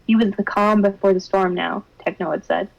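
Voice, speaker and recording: A woman's voice: mid-range voice, steady tone, a little fast, creaky, muffled recording. A young woman streamer reading fan fiction aloud with drama, breaking into laughs and wry side comments. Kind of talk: expressive narration with laughing asides.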